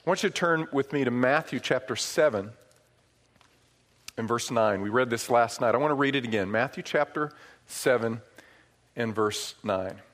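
A middle-aged man from upstate New York preaching a sermon, telling stories with swings from hushed asides to loud, emphatic points. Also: medium pitch, moderate pace. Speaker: pastor.

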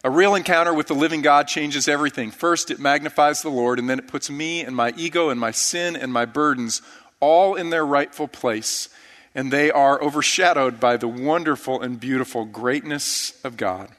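A man's voice: fairly high pitch, normal speed, a bit bright. A man preaching an earnest, reverent sermon as pastor. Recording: church sanctuary with long reverb.

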